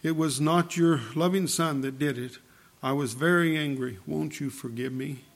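A preacher voicing a dying repentant son. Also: male voice, a little high, normal speed, gravelly. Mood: remorseful. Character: dying young man, repentant and tender.

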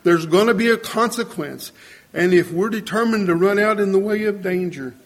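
A man's voice: high voice, normal speed. An older man preaching a sermon, earnest and storytelling, acting out the voices of people in his stories.

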